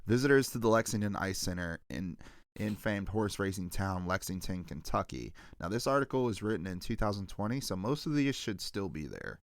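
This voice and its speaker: A man's voice: deep voice, fairly quick, no room sound, clean studio sound. A man co-hosting a casual podcast, reading an article aloud with lots of laughs and asides. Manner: animated, laughs often, stumbles over names. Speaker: podcast co-host.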